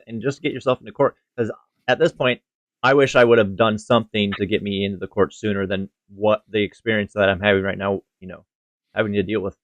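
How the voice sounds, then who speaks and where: A man's voice: on the low side, no echo. A man in casual conversation over a video call, laid-back with loose phrasing.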